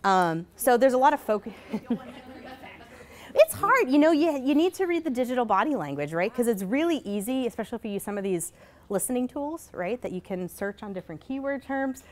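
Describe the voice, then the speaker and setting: A woman giving a conference presentation in a casual, hurried way, full of fillers and asking "right?" as she goes. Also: on the high side, very animated. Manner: casual, many fillers, rhetorical "right?" tags; hurried, self-correcting. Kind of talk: live presentation. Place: conference session.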